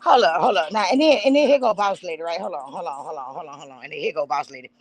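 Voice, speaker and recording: A woman with a fairly low, animated voice talks rapid-fire over soft background music on a livestream. Blunt and profane, she speaks straight to her chat while getting herself together, loose and unprepared, stopping to fumble with things.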